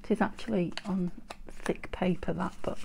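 A woman from the UK chatting casually as she works on a craft project, dropping into soft murmurs as she works. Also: fairly low pitch, fairly even intonation, moderate pace, gravelly, a little hiss or hum. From United Kingdom. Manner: chatty, self-mocking, drops into soft murmurs while working. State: slightly out of breath from heat. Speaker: craft vlogger. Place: home craft room with door shut.

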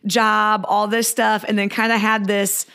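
A woman hosting a podcast interview, chatty and quick to laugh and react. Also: mid-range voice, level tone, creaky, sharp tone, smooth. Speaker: podcast host. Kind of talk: casual interview.

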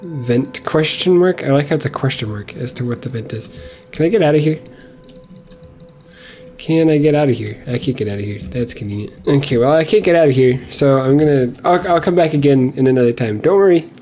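A man's voice: mid-range voice, moderate pace, mellow, faint music behind. A young man commenting on a horror game as he plays, joking and sarcastic while he rambles to himself. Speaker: gameplay commentator. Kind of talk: let's play commentary.

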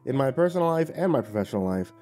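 A man narrating a horror story and hosting his channel, slowing to a dramatic hush on key lines. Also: medium pitch, big pitch swings, soft background music.

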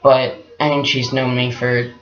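A man in his twenties, telling a personal story in a candid, reflective, soft-spoken way. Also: mid-range voice, little pitch movement, measured pace. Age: 20s. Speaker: guest partner. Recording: echoey room, dull lo-fi sound.

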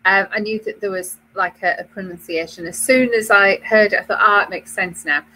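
A woman's voice: medium pitch, brisk, sharp tone, low-quality recording. A British woman co-hosting a knitting web show, chatting casually with many fillers and restarts. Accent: British English. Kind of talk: casual chat.

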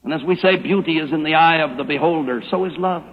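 A man pastor giving a radio Bible teaching sermon, preaching emphatically with slow, dramatic stressed phrases. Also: a little high, breathy edge. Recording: muffled old radio broadcast with long reverb.

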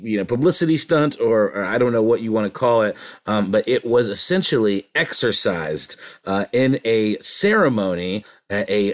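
A man co-hosting a podcast, talking casually and rambling, with many fillers and restarts, often amused. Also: on the low side. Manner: amused, chuckling. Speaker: podcast co-host.

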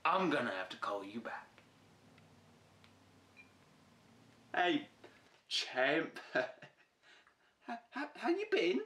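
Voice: medium pitch, wildly swooping pitch, slow, bright, forceful tone, echoey room, full character voice. A performer playing a menacing boss who makes blustery threats over the phone. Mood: falsely friendly.

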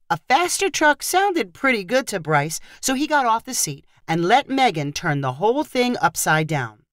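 A woman reading a humorous short story aloud in scripted narration with expressive storytelling. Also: medium pitch, normal speed, no echo, clean studio sound. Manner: expressive storytelling, lively intonation.

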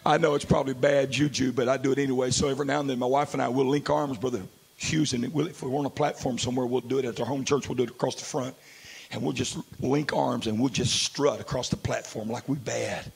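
A male pastor preaching a sermon in a large church, moving from hushed storytelling to shouted declarations. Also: medium pitch, steady tone, fast, creaky, slightly rough.

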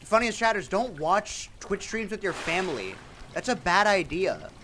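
Playful, lively-pitched streamer guy. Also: normal speed, slight background noise. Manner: playful, swears freely, talks to chat, sudden excited outbursts. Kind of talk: casual game livestream chat.

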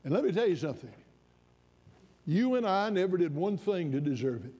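Male pastor, high voice, sermon storytelling that climbs to fervent emphasis. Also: sing-song, a little fast, warm tone, breathy edge.

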